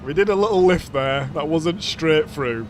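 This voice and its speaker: A man's voice: a little high, normal speed, a little hiss or hum. A man from Yorkshire with a Yorkshire accent, chatting casually with his viewers while commentating his own live racing gameplay. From Yorkshire, England. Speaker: streamer.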